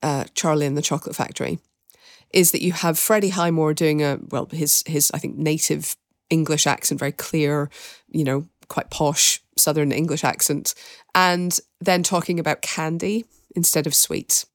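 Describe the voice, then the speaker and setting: A woman's voice: deep voice, steady tone, moderate pace, no room sound, studio quality. A woman hosting a film podcast, talking in casual review chat and thinking aloud in long, winding, reflective sentences. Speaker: podcast host and film critic.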